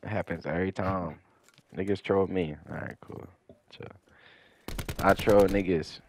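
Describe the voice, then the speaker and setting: A man's voice: low-pitched, fairly even intonation, a little slow, gravelly, slight background noise. A young man giving profane gameplay commentary, ranting in exasperation about how his opponents play. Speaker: gaming commentator.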